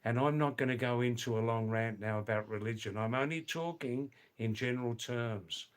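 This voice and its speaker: A man in his seventies with a mild Australian accent, hosting a casual livestream and answering viewer comments in a musing, unhurried way. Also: mid-range voice. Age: 70s. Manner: unhurried, musing, pauses to address viewers by name. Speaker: livestream host. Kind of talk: casual live chat reading viewer comments.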